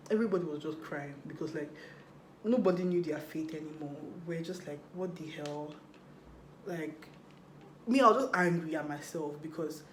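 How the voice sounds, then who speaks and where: A young woman telling a storytime vlog while doing her makeup, chatty and animated, acting out what people said. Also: low voice, echoey room, a little hiss or hum. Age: young adult. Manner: chatty, animated retelling with acted quotes. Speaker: vlogger.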